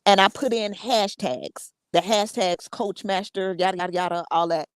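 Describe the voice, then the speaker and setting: A woman hosting a show, sharing a personal story in a casual, halting way with many repeats and laughs. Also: mid-range voice, clear, resonant tone, no echo. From United States. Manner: conversational, repeats words, laughs often. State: emotional, fighting tears. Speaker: podcast host.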